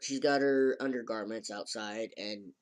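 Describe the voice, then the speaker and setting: A man recapping an anime episode in a casual, rambling way, full of halting restarts and fillers. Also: lowish voice. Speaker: anime reviewer.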